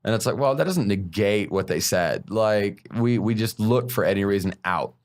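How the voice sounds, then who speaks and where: A man's voice: on the low side, lively intonation, normal speed. A man, a stand-up comedian, talking frankly and bluntly in a casual podcast conversation, swearing freely.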